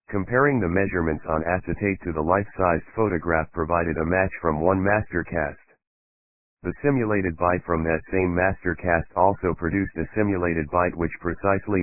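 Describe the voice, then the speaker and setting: A man's voice: low voice, no room sound, close to an everyday voice. A man reading a detached forensic dentist. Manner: measured, matter-of-fact testimony. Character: detached male forensic dentist expert witness. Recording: tinny phone-like dry sound.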